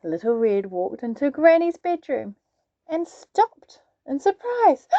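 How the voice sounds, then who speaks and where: A woman storyteller reading a children's story aloud in an expressive, sing-song way. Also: high-pitched, slow pace, dry recording, highs cut off.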